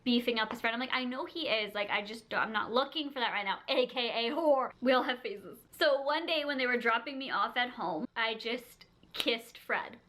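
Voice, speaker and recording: A woman vlogger casually telling a personal story to camera, chatty, full of "like" and quick giggles. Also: fairly high pitch, bright, forceful tone. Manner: chatty, heavy use of "like", frequent giggles.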